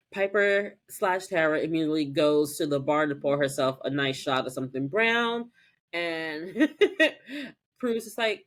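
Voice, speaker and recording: A woman co-hosting a podcast, chatting casually as she recaps a TV episode and acts out the characters' lines in quick voices. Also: medium pitch. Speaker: podcast co-host.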